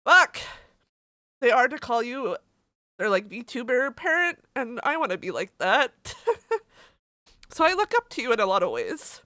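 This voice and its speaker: A woman's voice: a little high, sing-song, unhurried, long pauses, bright, forceful tone, dry recording. A woman streamer chatting casually on a livestream and reading messages aloud, candid and emotional, swearing and laughing easily.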